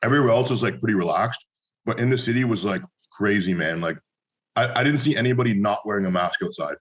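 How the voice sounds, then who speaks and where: A man's voice: lowish voice, quick pace, low-quality recording. A young man co-hosting a podcast, telling stories and giving blunt opinions in casual chat. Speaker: podcast co-host.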